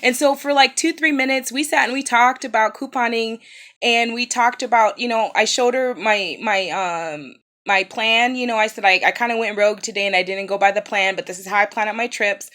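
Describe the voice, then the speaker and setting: A woman's voice: on the high side, fairly quick, fairly bright tone. A woman in her thirties, in pain after recent surgery, telling an upsetting story in a casual vlog, with many fillers and restarts. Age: 30s. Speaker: vlogger.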